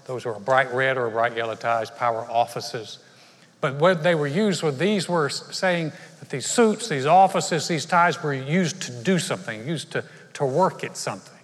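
A pastor speaks at a moderate pace in a medium-pitched voice, his sermon to a large church echoing with live hall reverb. His style is chatty and funny, built on stories and side remarks.

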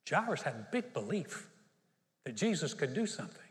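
Man, pastor, sermon, storytelling, somewhat high voice, long hall reverb. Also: very animated, moderate pace. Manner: storytelling, acts out the Bible characters.

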